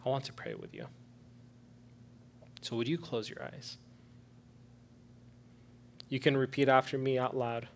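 Guy pastor preaching, earnest, goes quiet then loud in prayer. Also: mid-range voice, slight background noise. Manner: earnest, swings from soft prayer to loud urging. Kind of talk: sermon with altar-call prayer.

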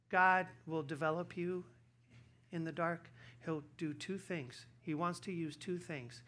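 A male pastor telling a personal story in a sermon, moving from hushed storytelling to loud, emphatic preaching. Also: a little high, measured pace.

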